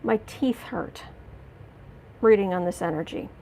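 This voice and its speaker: Reading tarot cards and responding to chat on her livestream, a mid-range-voiced woman struggles to keep calm through her anger. She stops and restarts often, leaning on fillers.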